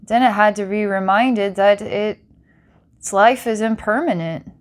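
A woman's voice: medium pitch, steady tone, measured pace. Giggly woman giving a channeled reading. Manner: giggly, rambling and intense by turns. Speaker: psychic reader.

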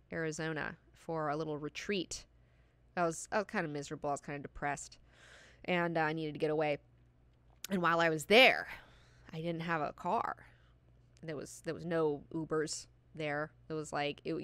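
Woman host, book club reading and chat, low-ish, bright, dry close sound, swears freely. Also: fairly even intonation, brisk, smooth, dry recording. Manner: chatty, swears freely, lots of fillers. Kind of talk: reading aloud and casual discussion.

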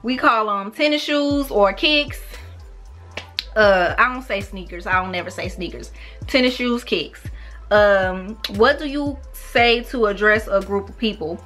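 A woman in her thirties with a St. Louis accent, chatting casually to camera in a relaxed, slangy way. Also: medium pitch, a little slow, soft background music. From St. Louis, USA. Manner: relaxed, slangy, animated with laughs. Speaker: YouTuber. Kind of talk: casual vlog, talking to camera.

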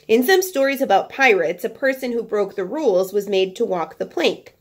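A woman's voice: medium pitch, moderate pace. A woman teacher reading a children's nonfiction book aloud to her class, breaking off for chatty, playful asides.

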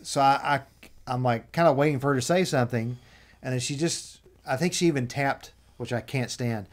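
A man telling an anecdote in casual chat, annoyed, animated, acting out what people said. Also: medium pitch, brisk. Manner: animated retelling, acts out quotes.

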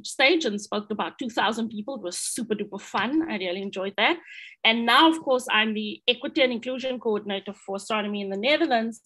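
A woman's voice: a little high, pushed and bright. A South African woman with a South African accent giving an online seminar talk as an astronomer, upbeat and friendly, with frequent ums and restarts. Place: home or office in Amsterdam.

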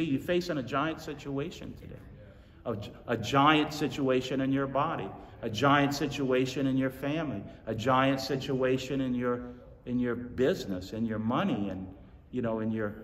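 A male pastor preaching a sermon, telling stories with animated energy and repeating lines for emphasis. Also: mid-range voice. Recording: echoey hall from far off.

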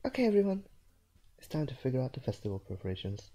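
A man putting on a raised voice for a brisk, confident schoolgirl club president. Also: medium pitch, big pitch swings, dark tone, pitched above the performer's own voice.

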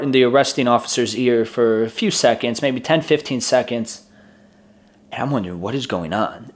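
Chatty young man telling a story. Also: mid-range voice. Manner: chatty, laughs often, acts out quoted voices. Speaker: vlogger. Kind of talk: casual personal storytelling.

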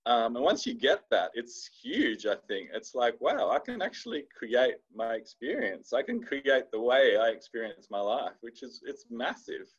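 Podcast host, man, mid-pitched, muffled lo-fi line, reflective. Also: very animated, normal speed, few pauses, husky. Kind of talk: casual podcast conversation.

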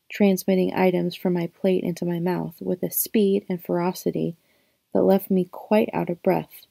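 A woman reading a novel aloud in a calm, even, reflective first-person narration. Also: on the low side, gravelly, dry recording. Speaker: audiobook reader.

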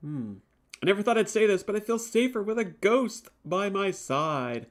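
Speaking at a normal speed with lively intonation, a let's-play host with a high-sitting voice narrates his game live. He laughs readily, reacts out loud, and chats with his viewers about snacks and drinks.

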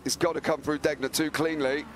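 A man with a hoarse, croaky voice calls a live sim race with a slightly raised pitch. He spins long jokey comparisons while engine noise roars loudly behind him. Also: flat delivery, brisk. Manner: jokey, rambling comic tangents. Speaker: co-commentator. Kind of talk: live sim racing commentary.

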